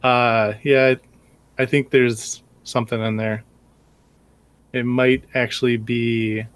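A man playing in a tabletop game, speaking hesitantly and stumbling over his words. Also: medium pitch. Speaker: player. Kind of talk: casual tabletop play.

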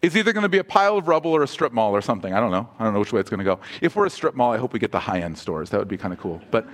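A man's voice: lowish voice, very animated, very fast. A man preaching a sermon as pastor, asking the congregation questions and dropping humorous asides.

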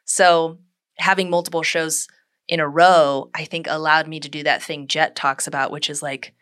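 A woman co-hosting a casual improv podcast, thoughtful and slightly halting. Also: sits low, flat delivery, a bit bright, dry recording, clean studio sound.

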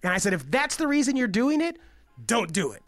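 A man's voice: very high-pitched, sing-song, brisk, dry recording, faint music behind. A man in his forties telling a rambling story on a casual podcast, full of fillers and swearing. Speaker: co-host.

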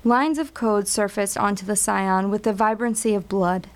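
A woman reading a scripted story in a measured, wry storytelling voice. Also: medium pitch, steady tone. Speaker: narrator.

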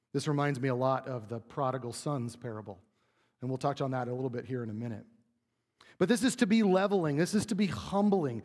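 A man's voice: mid-range voice, expressive, fairly quick, a little mellow, big-room sound. A man preaching a sermon in a conversational way, often checking in with the congregation. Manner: conversational, asks the room "right?". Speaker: pastor.

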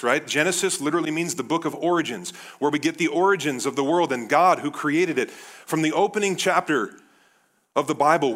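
Male pastor, thirties, lively sermon delivery, mid-pitched voice. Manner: animated, addresses the crowd as guys.

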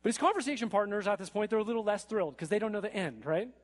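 A man preaching a sermon in an animated way, building to emphatic peaks and often checking in with "right?". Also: high-pitched, very fast.

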